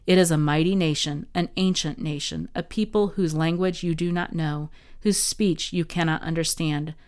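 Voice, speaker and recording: A woman hosting a daily Bible podcast, reading scripture aloud in an expressive, dramatic way. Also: sits low, clear, resonant tone.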